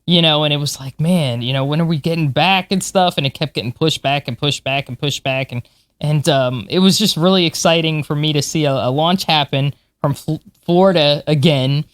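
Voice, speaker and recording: A woman's voice: deep voice, normal speed, no room sound. Chatty woman in her forties. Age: 40s. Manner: enthusiastic, chatty, laughs often. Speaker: podcast co-host, space historian. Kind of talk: casual chat.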